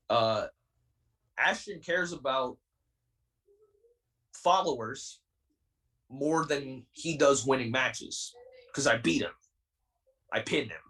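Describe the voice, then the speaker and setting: A fired-up young man of twenty, a wrestler guest on a podcast, who hammers his points home defiantly and circles back to them again and again. His voice sits at an ordinary middle pitch and comes across slightly distant from the mic. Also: animated, slow pace, pauses often, fairly bright tone. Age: 20s. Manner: intense, defiant, repeats himself. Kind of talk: heated podcast interview.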